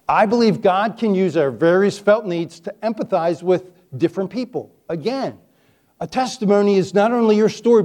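Folksy preacher man with a mellow voice. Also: sits high. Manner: folksy, joking storyteller. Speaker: preacher teaching on testimony. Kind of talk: folksy sermon.

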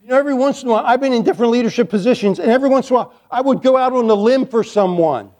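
A man's voice: very high-pitched, racing, mellow. A male pastor preaching a sermon, emphatic, repeating key lines and dropping playful asides to the congregation.

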